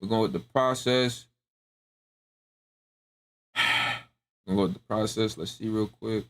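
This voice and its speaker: A man's voice: on the low side, steady tone, slow pace, fairly bright tone. A young man ranting emphatically in slangy casual talk on a live stream, repeating his points. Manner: emphatic, repetitive, slangy, keeps asking "you know what I'm saying".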